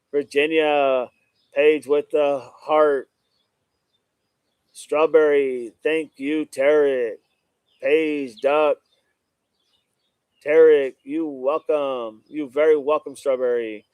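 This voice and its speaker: Male live-stream host, casual chat with viewers, clean resonant voice, slightly high, greets everyone by name. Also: steady tone, slow pace, pauses often, a little mellow, smooth, dry recording. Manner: greets viewers by name, repeats "no doubt about it". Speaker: livestream host reading chat.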